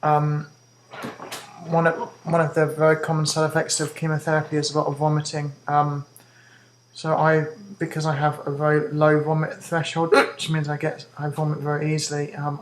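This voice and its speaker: A woman's voice: sits low, slight background noise, low-quality recording. A woman hiccuping as she talks to camera in a hesitant vlog update, with many ums and restarts. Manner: talks fast. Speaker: vlogger giving a health update. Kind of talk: casual talk to camera.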